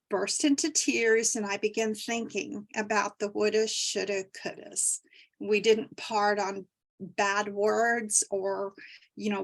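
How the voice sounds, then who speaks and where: A middle-aged woman recounts a personal story in a heartfelt, earnest way, often starting a phrase over. Her voice sits at a medium pitch and carries a gravelly fry. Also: a bit bright. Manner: earnest, heartfelt, with repeated restarts. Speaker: podcast guest telling her story.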